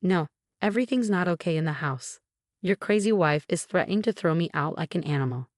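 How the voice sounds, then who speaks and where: A woman's voice: lowish voice, lively intonation, fairly quick, no room sound, clean studio sound, close to an everyday voice. A woman voicing a domineering, manipulative older mother-in-law who complains indignantly.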